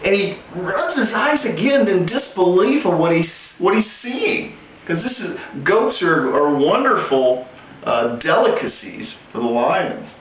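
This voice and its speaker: Slow-telling man on a tinny far line. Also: high-pitched, big pitch swings, a little hiss or hum. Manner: slow, deliberate, with restarts and pauses. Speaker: spiritual storyteller. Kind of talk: told parable, spiritual teaching. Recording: tinny far-off echoey lo-fi with faint background.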